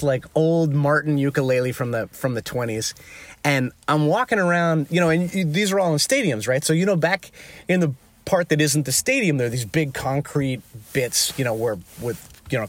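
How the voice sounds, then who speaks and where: Guy musician telling a tour story, lots of like and you know, jumps up high when excited, dry mic. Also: no echo. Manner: animated, jumps into high excited voices when quoting himself; peppers speech with "like" and "you know". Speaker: touring musician, guest. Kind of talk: casual storytelling.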